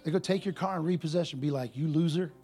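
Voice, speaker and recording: A man preaching a sermon to a congregation, animated and full of rhetorical questions, in casual everyday speech. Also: a little high, very fast, husky, soft background music. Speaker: pastor.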